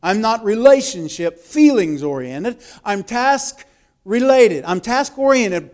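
A man with a notably high voice preaches to his congregation. He repeats and restates his points, jumping from loud, pressing emphasis to soft, close asides. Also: animated, slow. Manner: swings from loud urgent preaching to hushed intimate asides. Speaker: pastor. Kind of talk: sermon.

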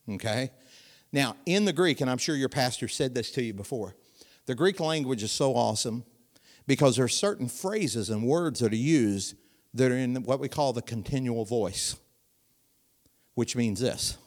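A middle-aged man with a mid-range voice preaches a sermon, talking to the congregation like a friend and asking them questions. His animated preaching builds in volume for emphasis, with dramatic pauses as he slows down on key lines.

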